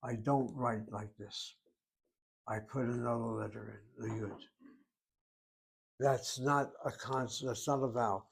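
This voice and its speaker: A man teaching a grammar class at a middle pitch. He moves through each rule step by step and repeats the key terms so they stick. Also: steady tone, a little slow, creaky, pauses often, husky. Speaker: Hebrew teacher. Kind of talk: grammar lesson.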